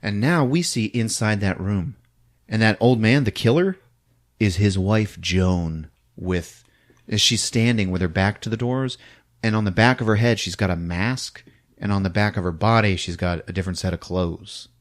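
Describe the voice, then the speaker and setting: A man casually recapping a horror film on a podcast, acting out shouts and sound effects and laughing as he goes. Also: on the low side, moderate pace. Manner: animated retelling with acted-out shouts and sound effects; laughs often while talking. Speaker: podcast host.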